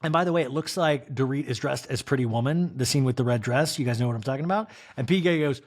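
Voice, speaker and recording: A man hosting a comedic TV recap podcast, talking in an animated, sarcastic, riffing way. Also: medium pitch, fast, few pauses. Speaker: podcast host.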